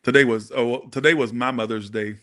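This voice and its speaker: A man with a drawl runs a casual tarot reading, his voice bright and forward. He talks to his viewers directly, blunt and sassy, and keeps the energy animated. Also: medium pitch, brisk. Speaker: tarot reader.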